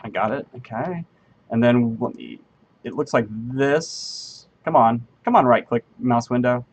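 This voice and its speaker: His mid-range voice has a breathy edge and a measured pace. Coding live at his desk, the game engineer chats casually with his stream, rambling, thinking aloud, trailing off mid-thought with many ums, friendly and self-deprecating toward viewers.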